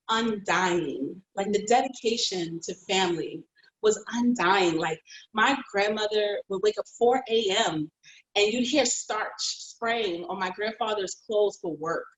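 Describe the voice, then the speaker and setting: A woman painter telling her own story in an interview, heartfelt and expressive and quick to laugh. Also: mid-range voice, a little hiss or hum. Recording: roomy echo.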